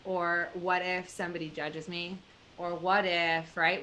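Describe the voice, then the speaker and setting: Bright, lively woman podcast host. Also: fairly low pitch, a little slow, slight background noise. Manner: animated, acts out quoted reactions, swears casually. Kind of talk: casual podcast conversation.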